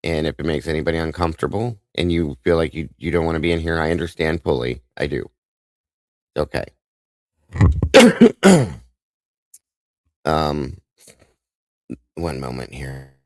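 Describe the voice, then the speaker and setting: A man hosting a live stream, speaking in an emotional, halting way with many restarts and greeting viewers by name. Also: rumbling low, fairly even intonation, dry recording. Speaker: livestream host.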